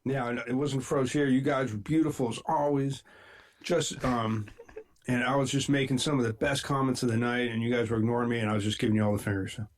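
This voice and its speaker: A man's voice: medium pitch, steady tone, quick pace. Rambling male podcast contestant. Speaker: game show contestant. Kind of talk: crude comedy podcast banter. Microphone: online video call.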